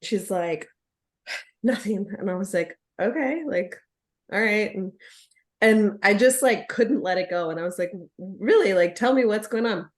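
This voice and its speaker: A woman chiropractor telling a frank, animated story to colleagues, laughing often. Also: mid-range voice, unhurried, reverberant. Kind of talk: casual storytelling among colleagues.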